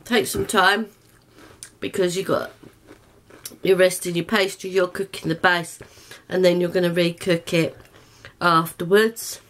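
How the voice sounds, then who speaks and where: Slow-talking middle-aged woman. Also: fairly low pitch, steady tone, fairly bright tone, a little hiss or hum. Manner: unhurried, chatty, laughs often. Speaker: cooking vlog host. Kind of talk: casual home baking chat.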